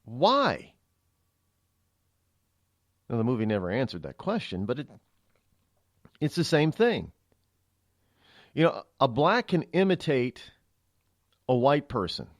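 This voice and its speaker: A man's voice: mid-range voice, big pitch swings, takes it slowly, long pauses, dry recording. A man hosting a talk radio show, delivering a rambling, opinionated monologue into a studio microphone.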